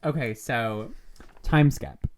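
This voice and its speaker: A woman co-hosting a podcast in a casual chat, animated and chatty, filling her talk with ums and likes. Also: very deep voice, slow, a crowd in the background. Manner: animated, chatty, with many fillers. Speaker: podcast co-host.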